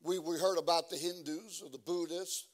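A man preaching a sermon as a guest preacher. He stumbles through fillers and restarts, then builds to loud, emphatic preaching. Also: on the high side, fairly even intonation, moderate pace. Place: church.

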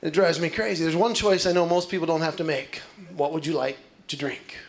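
A man performing a stand-up comedy set on stage, telling animated stories and acting out voices. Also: fairly high pitch, brisk. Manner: animated storytelling with acted-out voices. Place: stage before a live audience. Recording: live show with loud crowd and noise. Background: audience laughter.

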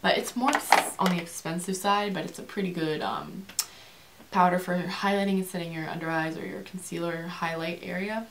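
Speaking to camera in a lowish voice, a young woman rushes through a beauty product review, rambling and restarting with many fillers. The background is noisy.

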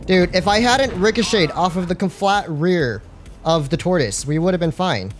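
A young man doing live gameplay commentary on a stream, excitable and slangy, joking and talking to his chat. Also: high voice, normal speed, soft background music.

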